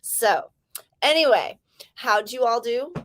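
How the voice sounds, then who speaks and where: A young woman from California, her accent drifting Southern, chatting casually with viewers as she hosts a writing livestream and greets them with sudden excited calls. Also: a little high, slow pace. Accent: American, California drifting Southern.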